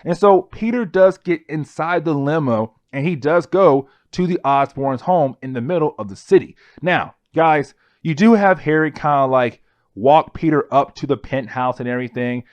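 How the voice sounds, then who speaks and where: A man's voice: mid-range voice, normal speed, dry recording. A man casually retelling a comic book story to his viewers, calling them guys and loosely paraphrasing the characters' lines. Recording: dry, dull lo-fi sound.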